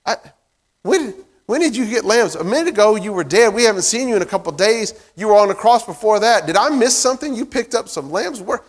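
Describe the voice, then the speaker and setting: A man's voice: high-pitched, expressive, voice pushed up. Peter, a preacher doing a baffled fisherman. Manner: incredulous, rapid questions. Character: bewildered fisherman disciple, grown man, baffled.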